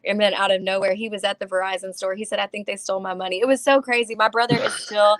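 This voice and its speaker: A woman, a comic and writer, chatting casually as a guest, rambling and animated as she tells stories. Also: medium pitch, fast talker, hardly any pauses. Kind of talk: casual chat.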